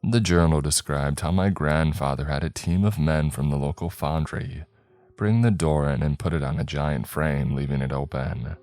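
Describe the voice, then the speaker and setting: A man narrating a horror story in a slow, measured storytelling voice. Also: extremely low pitch, fairly even intonation, a little mellow. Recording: dry close mic, faint background music.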